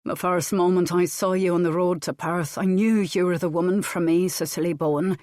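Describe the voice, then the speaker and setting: A bold male Scottish laird, put on by a woman reading a romance audiobook, dry-humored and softly wooing. The voice sits on the lower side and the recording is dry and close. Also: steady tone, a little fast, no room sound, lightly acted. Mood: tender.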